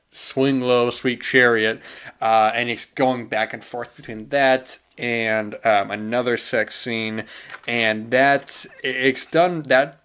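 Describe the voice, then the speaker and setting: A man's voice: medium pitch, a bit bright. A man hosting a casual film review podcast, rambling with many fillers and tangents, often saying "man" and growing incredulous at bizarre scenes. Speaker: podcast host reviewing films.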